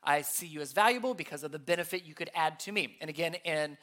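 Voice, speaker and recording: Talking fast in a slightly bright, medium-pitched voice, a pastor preaches with earnest conviction. He circles back to his main ideas and asks the audience rhetorical questions.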